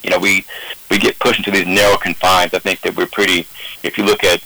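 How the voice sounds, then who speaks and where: A man calling into a radio talk show, speaking earnestly and measured with frequent restarts. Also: deep voice, flat delivery, creaky, pushed and bright, no room sound, low-quality recording. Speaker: call-in guest.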